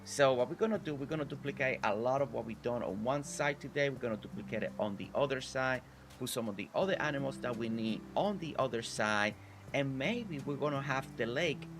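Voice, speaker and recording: A man's voice: medium pitch, a little fast, over music. Friendly man streaming a farm game. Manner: friendly, reads chat aloud, warm thanks to viewers. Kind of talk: casual live-stream chat.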